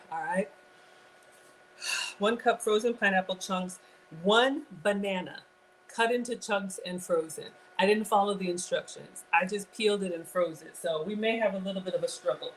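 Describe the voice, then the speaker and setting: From her home kitchen, a Ghanaian woman in her forties hosts a laid-back cooking stream, greeting viewers, reading their comments, and joking at her own expense. She has a mid-range voice, heard on a low-quality recording with slight background noise.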